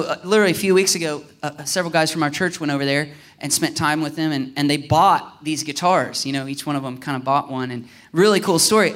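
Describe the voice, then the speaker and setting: A male pastor preaching a sermon in an animated way, acting out voices and rising to near-shouts. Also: fairly high pitch.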